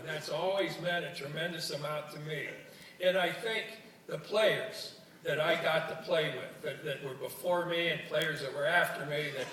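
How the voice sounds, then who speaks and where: An older former coach from Ohio gives a folksy guest speech at a university student union luncheon hall, full of jokes and stories, often repeating words as he restarts. His fairly high voice sounds pushed and bright, picked up by a distant mic in a roomy hall with faint room noise.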